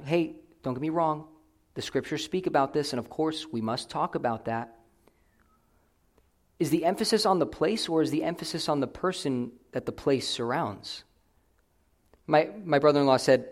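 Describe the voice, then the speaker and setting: A young man delivering a sermon as a pastor, earnest, swinging between loud emphatic declarations and quiet, hushed asides. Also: on the high side, very animated, normal speed.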